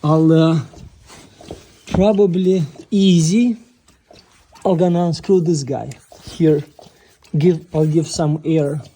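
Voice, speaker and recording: Slow, mellow-voiced man fixing his car. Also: on the high side, steady tone. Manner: chatty, exclaims at what he finds, addresses viewers as guys; mentions having a non-native accent. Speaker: DIY car repair vlogger. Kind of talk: casual how-to narration while working. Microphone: phone recording nearby.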